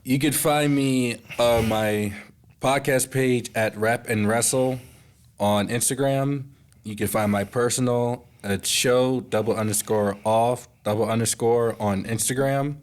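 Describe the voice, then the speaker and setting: A man's voice: medium pitch, fairly even intonation, unhurried. A man who is a guest on a casual podcast, giving short, laid-back replies.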